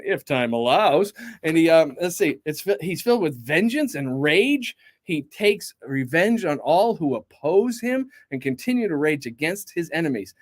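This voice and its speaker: A male pastor giving an informal Bible study, reading scripture and commenting in a conversational way, with asides and rhetorical questions. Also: a little high.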